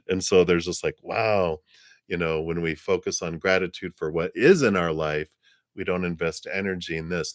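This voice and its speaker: A man hosting a live psychic reading stream, talking in a rambling, gentle way with frequent laughs and fillers. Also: low voice, dry recording, clean studio sound. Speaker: psychic reader.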